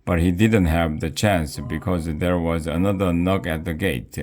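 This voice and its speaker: A man reading a children's book aloud with a playful, expressive narration. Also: deep voice, unhurried.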